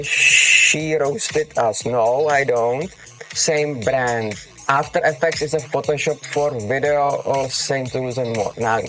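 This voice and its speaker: With a mid-range, fairly bright voice and a non-native English accent, this livestream host handles chat questions in an emphatic, teasing manner. He calls people darling and often asks "okay? got it?", with faint background music underneath.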